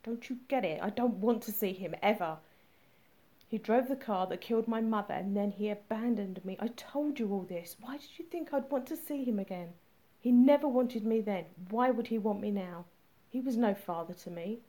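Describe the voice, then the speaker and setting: A woman reading the part of a grieving, angry man who is a detective, speaking slowly and bitterly. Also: medium pitch, warm tone, natural voice. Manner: slow, measured, bitter. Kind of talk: audiobook character reading.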